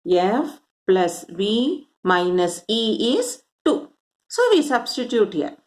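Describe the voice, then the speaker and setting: A woman's voice: mid-range voice, very animated, slow, a little mellow. A woman teaching a maths lesson, explaining step by step and asking questions as she goes. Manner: explains step by step, counts aloud, asks rhetorical questions. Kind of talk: classroom lesson.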